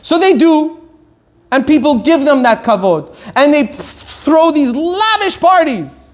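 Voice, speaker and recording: A middle-aged man from Iran giving a Torah lecture as a rabbi, stressing key words slowly and rushing through asides. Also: extremely high pitch, very animated.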